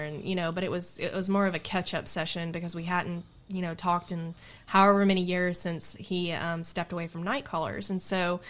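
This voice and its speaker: Animated woman telling stories with laughs. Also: on the low side. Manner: animated, laughs often, quotes herself and others in stories. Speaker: podcast guest and radio show host. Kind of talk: casual storytelling chat.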